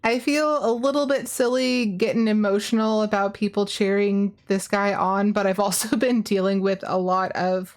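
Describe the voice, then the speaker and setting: A woman's voice: medium pitch, fairly even intonation, moderate pace, few pauses. A woman streamer giving casual game commentary, chatty and openly emotional, with fillers. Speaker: livestreamer.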